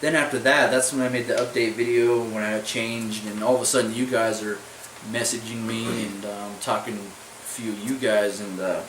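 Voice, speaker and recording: A man's voice: lowish voice, fairly even intonation, brisk, a bit bright. A young man telling a story in a casual vlog, rambling and swearing, leaning on "I was like" over and over. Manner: rambling, profane, repeats "I was like" a lot. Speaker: vlogger. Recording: echoey room, mic at a distance, faint noise.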